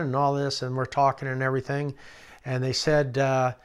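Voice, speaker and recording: A man's voice: medium pitch, level tone, normal speed, smooth. Older man chuckling through anecdotes. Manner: rambling and chuckling, acts out quoted voices. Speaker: documentary interviewee. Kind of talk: storytelling anecdotes.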